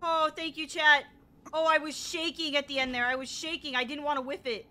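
A woman streamer giving excitable live gameplay commentary, exclaiming and swearing freely. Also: high voice, brisk. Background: game music.

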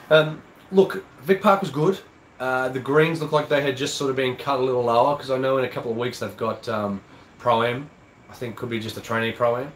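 A man's voice: medium pitch, a bit bright, echoey room, slight background noise, rough recording. An Australian man hosting a golf live-stream, chatting casually and reading out viewer comments, his voice a little nasal from a cold. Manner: casual, chatty, rambling with fillers. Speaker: golf channel host.

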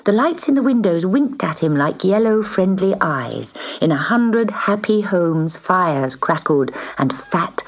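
A woman narrating a children's storybook in a soft, often half-whispered, husky voice. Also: fairly low pitch.

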